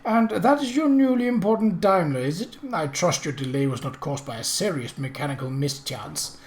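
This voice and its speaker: A man's voice: lively intonation, normal speed, natural voice. A man doing a jovial guttural German-accented prince. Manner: deep, guttural, jovial then stern. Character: portly jovial royal prince, middle-aged, commanding.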